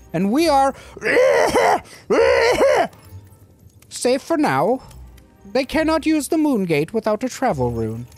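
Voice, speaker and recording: A gamer voicing an elderly goblin councilor in slow, formal, grave speech with stray chuckles. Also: high voice, voice pushed up, full character voice. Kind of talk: reading game dialogue aloud in voices.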